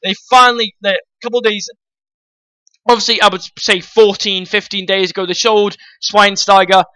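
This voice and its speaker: A man's voice: high-pitched, flat delivery, normal speed, sharp tone, no room sound, low-quality recording. A man vlogging casual football commentary, rambling and opinionated, talking straight to his viewers.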